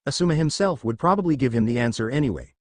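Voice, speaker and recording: A male storyteller reading fan fiction aloud in a steady, expressive way. His pitch moves up and down a lot as he reads. The recording is close and dry, with no room echo. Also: quick pace. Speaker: narrator.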